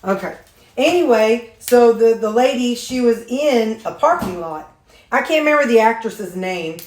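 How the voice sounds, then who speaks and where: A woman's voice: on the high side, expressive, moderate pace, reverberant. A woman chatting casually while she makes supper, rambling through a story with lots of ums. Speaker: vlogger showing her meals.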